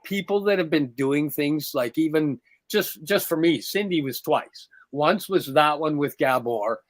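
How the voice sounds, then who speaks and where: A middle-aged man with a fairly high voice tells a story in relaxed podcast chat. He acts out each quoted line, his voice jumping up for the other people. The sound is dry and close. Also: unhurried, dry recording. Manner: animated, acts out quoted dialogue in a raised voice. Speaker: podcast co-host.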